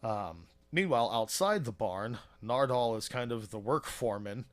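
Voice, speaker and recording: A man's voice: medium pitch, expressive, normal speed. A man co-hosting a podcast, retelling a TV episode in a loose, chatty way, with many fillers and small chuckles. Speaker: podcast co-host. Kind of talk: casual episode recap chat.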